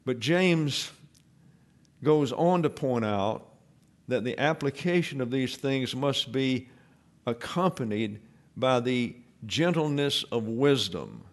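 A man giving an expository Bible lesson in a measured, explanatory way, with pauses and fillers. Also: mid-range voice, lively intonation. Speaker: Bible teacher.

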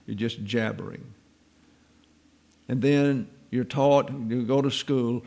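A man teaches the Bible in a relaxed, folksy way, mixing in wry stories from his own life. His voice is gravelly and sits at an ordinary mid pitch. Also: measured pace. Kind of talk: informal Bible teaching with personal anecdotes.

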